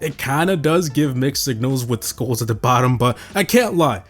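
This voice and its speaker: Animated man ranking game items. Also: on the high side. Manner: animated, joking, swears casually. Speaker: gaming video creator. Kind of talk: casual tier-list commentary.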